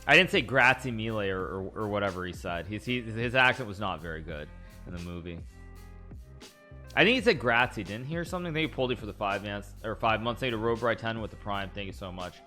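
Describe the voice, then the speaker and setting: A man's voice: fairly low pitch, expressive, fast, bright, forceful tone, faint music behind. A man live-streaming a chess game, thinking aloud about his moves and chatting with viewers in a rambling way. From United States.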